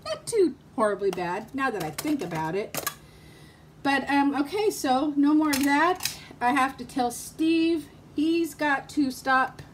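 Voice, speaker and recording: A woman's voice: high voice, animated, unhurried, slight background noise. A woman vlogger talking casually to her viewers, telling stories and laughing often as she goes. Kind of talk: casual chat vlog with storytelling.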